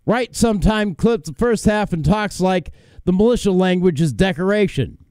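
A man's voice: high-pitched, animated, moderate pace, a little mellow, smooth, dry recording. A man hosting a talk radio show, delivering an opinionated monologue in a combative, emphatic way, with fillers and repeated words.

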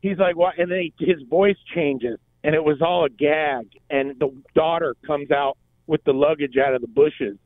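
Radio co-host, man, retells comedy bits with lively voices, thin phone-like sound. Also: on the high side, moderate pace, no room sound. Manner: animated storyteller, acts out quotes. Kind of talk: casual radio talk. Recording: tinny phone-like band, dry.

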